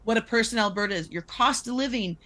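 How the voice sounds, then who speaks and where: A woman from Canada, a guest on a casual podcast, speaking passionately and emphatically, quick to get exasperated. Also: on the high side, bright, forceful tone.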